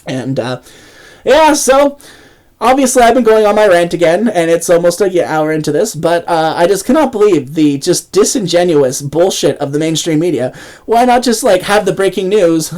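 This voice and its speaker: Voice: mid-range voice, animated, normal speed, darkish tone. A political commentator ranting angrily and sarcastically, swearing heavily, restarting sentences and laughing mockingly between points. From Canada. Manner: angry, sarcastic, heavy swearing, frequent restarts. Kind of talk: profane political rant.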